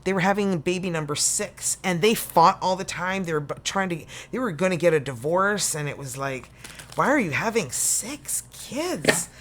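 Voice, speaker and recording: Chatty Canadian woman, lowish voice. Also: a little fast, hardly any pauses. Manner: chatty and folksy, full of "you know" and "okay". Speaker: tarot reader. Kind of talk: casual tarot reading to camera.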